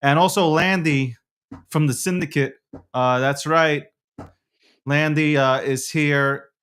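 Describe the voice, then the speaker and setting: A man's voice: fairly high pitch, steady tone, slow pace, a bit bright, clear, resonant tone. A young man with a New York accent hosting a casual crypto news show, brash, profane and rambling. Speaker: show host.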